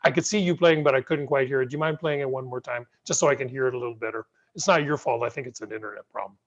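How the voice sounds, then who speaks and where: A middle-aged man teaching piano in an online masterclass, gentle, patient and encouraging, heard over a video call. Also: mid-range voice, very fast. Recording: muffled video call audio.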